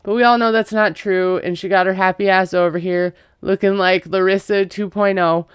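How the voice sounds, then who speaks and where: A woman's voice: mid-range voice, steady tone, normal speed, smooth, no room sound, studio quality. A woman recapping a TV episode in a casual, gossipy, sarcastic way. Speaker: TV recap vlogger.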